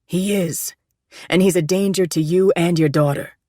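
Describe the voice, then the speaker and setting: A woman's voice: fairly low pitch, fairly even intonation, moderate pace, warm tone, no echo, clean studio sound, lightly acted. A woman voicing a desperate man who pleads urgently and insistently in a storybook reading. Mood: pleading. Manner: urgent, raised, pleading delivery.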